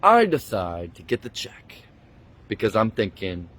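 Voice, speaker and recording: A man's voice: on the low side, wildly swooping pitch, measured pace, fairly bright tone. A man angrily retelling a bad experience in a profane, indignant rant, talking into a handheld phone he keeps switching between hands. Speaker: vlogger. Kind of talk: angry storytime rant.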